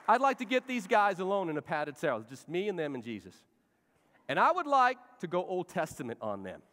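A male pastor preaching a sermon, swinging from loud rallying shouts to hushed, soft pleading. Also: high-pitched, very animated, brisk, in a large hall, a faint crowd. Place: church sanctuary.

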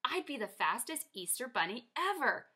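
A woman voicing an eager, boastful fox who wants to prove it is fastest, in a storybook read-aloud. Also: on the high side, big pitch swings, pushed and bright, husky, heavily acted.

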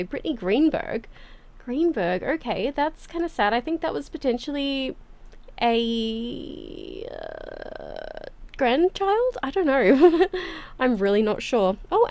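Chatty, excitable woman with a higher voice. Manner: chatty and excitable, quick exclamations. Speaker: gaming channel host. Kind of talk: casual gameplay commentary.

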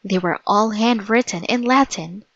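A woman reading a children's chapter book aloud as narrator, in a slow, deliberate storytelling manner. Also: mid-range voice, vocal fry, fairly bright tone, dry recording, dull audio. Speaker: storybook reader.

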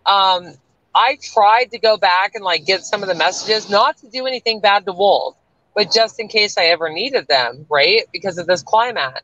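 A woman's voice: mid-range voice, normal speed, a bit bright. Blunt profane Southern woman, dull lo-fi audio. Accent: Canadian-tinged Southern US. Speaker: guest. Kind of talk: livestream chat.

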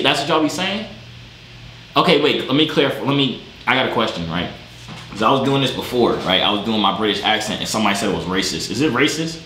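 A man jokes loudly with strangers on a video chat, his pitch bouncing all over and his tone bright and sharp. He talks in quick slang from his gaming room. The room sounds echoey, with a faint hiss behind him. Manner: loud, animated, joking, slangy. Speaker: vlogger chatting with strangers online.

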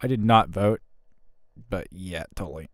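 A young man giving profane gameplay commentary from home on a close desk mic, trash-talking and swinging between mutters and loud outbursts. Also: deep voice, normal speed, no echo. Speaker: gaming channel host.

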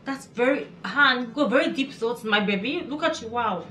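A woman hosting a casual music video reaction, chatty and excitable, exclaiming often. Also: a little high, moderate pace, slight background noise. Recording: echoey room with music behind.

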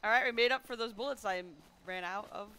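A woman streaming a game roleplay, chatting excitably and calling out to her in-game dog while hunting. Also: on the high side, fast, smooth.

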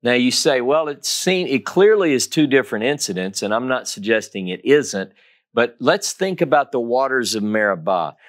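A man's voice: mid-range voice, lively intonation, moderate pace. A man giving a Torah teaching, reading scripture dramatically and stressing key phrases by repeating them. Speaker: Bible teacher.

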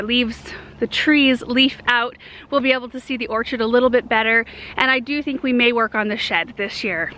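Woman gardening host with a fairly high voice, rambling casually outdoors in her garden. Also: bright, forceful tone, slight background noise. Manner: chatty and rambling, with frequent ums. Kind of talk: casual vlog walkthrough. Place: outdoors in a large home garden.

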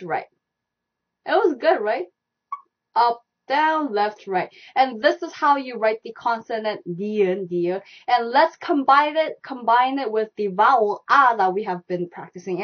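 A woman with a Korean accent teaching a live online language class, repeating steps slowly and laughing often. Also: fairly high pitch, lively intonation, muffled recording. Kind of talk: live-streamed language lesson.

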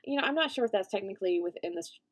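Rambling woman gamer, lively pitch. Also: very fast. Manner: rambling, many fillers, bursts into panicked shrieks and laughter. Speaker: let's play gamer. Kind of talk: casual gameplay commentary.

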